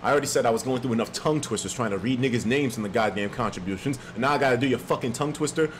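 A man chatting casually on a live stream, profane and animated, reading out viewer donations with sudden loud jumps in pitch. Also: very fast, background noise. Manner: reads viewer donations aloud.

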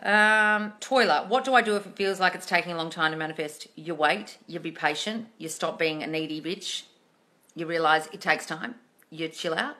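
A woman's voice: lowish voice, moderate pace, sharp tone. A woman coaching on a live stream, answering viewer questions in a blunt, scolding way with plenty of swearing and sarcastic asides. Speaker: manifesting coach.

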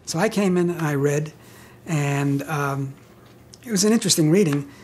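An older man in an interview, telling anecdotes in a wry, self-deprecating way with soft laughs. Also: fairly high pitch, normal speed, husky. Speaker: interviewee, actor.

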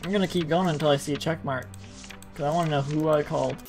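A man's voice: on the high side, fairly even intonation, quick pace, gravelly, darkish tone, faint music behind. A man hosting a let's play, rambling in casual commentary with frequent stammers and self-interruptions.

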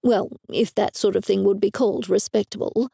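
A woman's voice: medium pitch, steady tone, normal speed, vocal fry, mellow, slightly rough, dry recording, studio quality. A woman narrator voicing a tired, businesslike male police detective. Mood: matter-of-fact. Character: weary male police detective, matter-of-fact.

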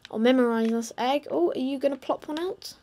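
A woman's voice: high voice, brisk, dark tone. A woman giving casual gameplay commentary, playfully talking to and teasing her game animals. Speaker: gamer.

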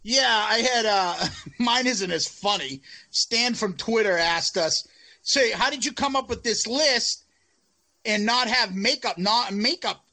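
A man's voice: sits high, a little slow, bright, forceful tone. A man co-hosting a casual podcast chat, swearing freely and laughing often. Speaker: podcast co-host.

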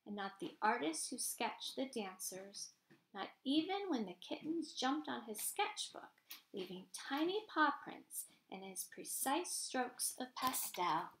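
Woman, children's story read-aloud, gentle and expressive, fairly high voice, roomy echo. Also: measured pace, a little hiss or hum.

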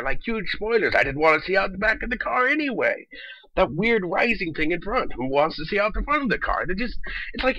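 Young male vlogger, sarcastic comic ranter, fairly high voice, dull lo-fi sound. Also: no echo. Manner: sarcastic, exasperated, animated. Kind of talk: comedic rant.

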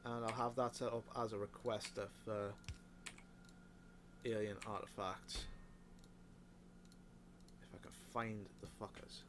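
A man's voice: fairly low pitch, level tone, a little slow, pauses often, noisy background. A man giving casual, muttered commentary while he plays a factory-building game, swearing often. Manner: muttering to himself, frequent swearing. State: hiccups. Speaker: let's play host.

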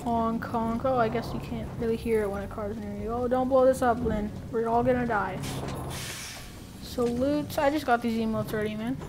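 A woman giving playful, excitable commentary over her own gameplay, full of quick exclamations. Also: fairly high pitch, background noise. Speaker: gaming video creator.

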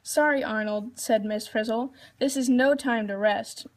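A woman's voice: a little high, a little slow. A woman reading a children's storybook aloud, lifting her voice for the characters' lines. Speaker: reader.

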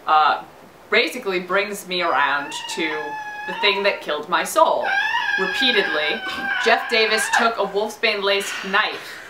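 A young woman hosting a casual fan recap, talking in an animated, dramatic way. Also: mid-range voice, unhurried. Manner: animated, dramatic fangirl talk. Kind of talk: casual chat. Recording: echoey room, faint noise.

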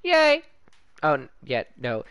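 A man's voice: a little high, wildly swooping pitch, slow, vocal fry, a bit bright, clear, resonant tone, no room sound. A young man streaming a shooter game, chatting casually and joking with his friends. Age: young adult. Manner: joking, relaying what friends say. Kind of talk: casual chat while gaming.

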